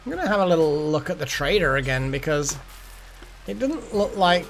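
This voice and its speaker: A man giving casual, rambling commentary while streaming a game, swearing now and then and thinking out loud. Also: on the high side, sing-song, moderate pace, soft background music.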